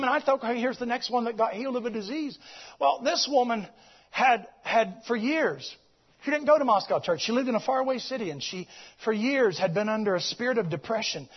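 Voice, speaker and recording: A man preaching, moving from shouted exclamations to hushed storytelling and repeating his phrases. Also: extremely high pitch, lively intonation, fairly quick, breathy edge, lo-fi sound. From United States. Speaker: visiting preacher. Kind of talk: sermon storytelling.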